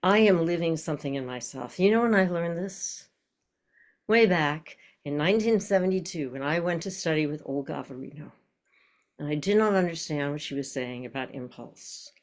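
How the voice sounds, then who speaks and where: An older woman teaches an online voice class in a low, grounded voice. She explains breath and posture reflectively and breaks into tongue-twisters and nonsense syllables to demonstrate. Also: expressive, normal speed.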